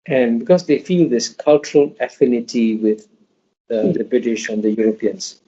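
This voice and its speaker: A man's voice: mid-range voice, steady tone, moderate pace, dark tone. Lecturing man on dull, muffled audio. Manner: emphatic, lecturing, many restarts. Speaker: interview guest. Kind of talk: interview answers.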